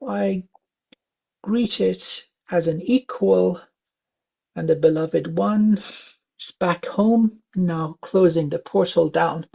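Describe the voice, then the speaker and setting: Man, gravelly voice, husky, calm gentle reading, lots of uhs, dull lo-fi recording. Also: sits high, slow pace. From England. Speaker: spiritual reader. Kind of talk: psychic reading session. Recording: dull lo-fi sound.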